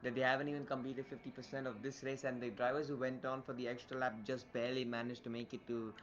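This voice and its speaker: A man's voice: mid-range voice, little pitch movement, fast, dull audio, a little hiss or hum. A man co-commentating a racing event over a remote call, easygoing with lots of fillers. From India. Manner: easygoing, hesitant, many fillers. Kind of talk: live race commentary.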